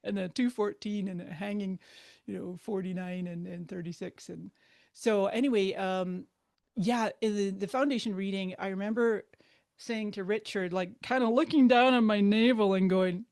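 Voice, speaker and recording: Lively woman who laughs often. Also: mid-range voice, moderate pace, gravelly, dry recording, clean studio sound. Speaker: guest speaker. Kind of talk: casual interview talk.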